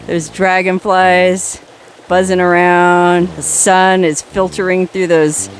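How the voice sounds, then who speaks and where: A woman's voice: on the low side, flat delivery, slow, a little hiss or hum. Wry, enthusiastic woman vlogging outdoors. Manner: enthusiastic and wry, with salty humor. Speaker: hot spring travel vlogger. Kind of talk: chatty outdoor travel vlog. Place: outdoors on a forest canyon trail by hot springs.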